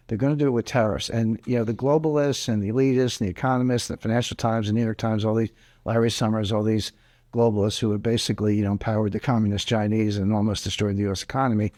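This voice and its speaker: His voice is on the low side and a little mellow, with fairly even intonation and a quick pace, recorded dry at studio quality. As an economics interview guest, he answers in an emphatic, explanatory way, pushing his key points hard.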